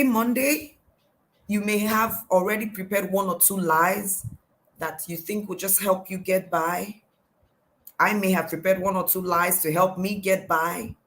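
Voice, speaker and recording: In a medium-pitched, fairly bright voice, a middle-aged Nigerian-accented life coach presents a devotional coaching talk, emphatically stacking up questions and repeating "why." It's a low-quality recording.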